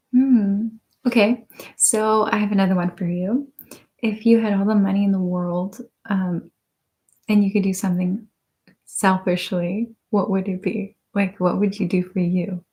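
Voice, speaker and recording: Giggly soft-spoken woman ASMR host. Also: medium pitch. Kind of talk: live stream chat, reading viewer comments aloud. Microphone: binaural microphones.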